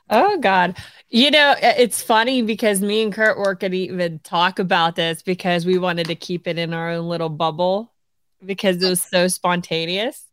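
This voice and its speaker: A woman's voice: lowish voice, normal speed. A woman in her forties, co-hosting a podcast, telling a story in casual chat, laughing often and acting out what others said. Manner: animated, laughing often, acts out quotes. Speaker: podcast co-host.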